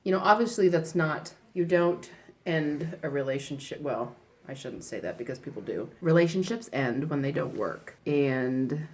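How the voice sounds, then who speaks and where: A woman in her forties, co-hosting a casual chat and speaking candidly. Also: sits low. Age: 40s.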